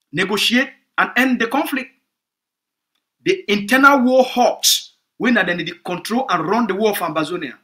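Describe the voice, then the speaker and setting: A man's voice: sits high, pushed and bright. A man with a Cameroonian Pidgin English accent, giving an emphatic, repetitive political address to supporters as a movement spokesman.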